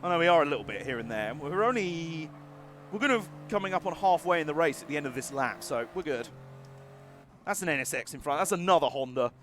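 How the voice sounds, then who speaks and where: Excitable high-voiced streamer. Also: male voice, fast, a little hiss or hum. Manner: excitable, laughs often, jokey and crude. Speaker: game streamer. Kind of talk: live racing gameplay commentary.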